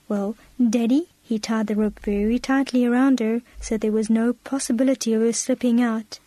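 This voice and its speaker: A woman storyteller gently and expressively reading a children's story on the radio. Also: fairly high pitch, moderate pace, dry recording, rough recording. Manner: gentle, expressive, drops to a whisper for suspense.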